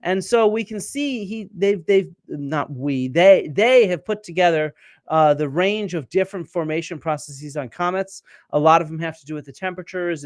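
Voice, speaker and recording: A man's voice: a little high, no echo, studio quality. A man hosting a live-streamed archaeology lecture, explaining step by step, quizzing viewers and answering their comments. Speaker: archaeologist host.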